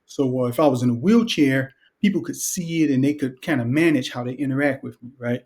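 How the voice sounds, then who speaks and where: Speaking at a fairly quick clip with a medium pitch, a middle-aged Detroit, Michigan native appears as a guest in an interview. He's an author and educator, and his easygoing talk mixes humor with reflection.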